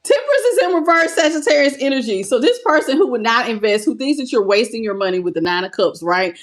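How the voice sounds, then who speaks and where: A woman's voice: a little high, animated, quick pace, hardly any pauses. A woman giving a live tarot reading, greeting viewers in chat by name and talking in a playful, laughing way. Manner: playful, laughs often and sings snippets. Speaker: tarot reader.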